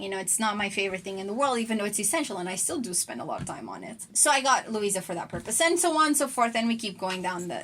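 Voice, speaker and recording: A woman's voice: medium pitch, fairly bright tone, a little hiss or hum. A woman in her twenties talking casually to camera in a vlog, chatty and enthusiastic. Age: 20s. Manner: chatty and enthusiastic, many fillers. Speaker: entrepreneur vlogger.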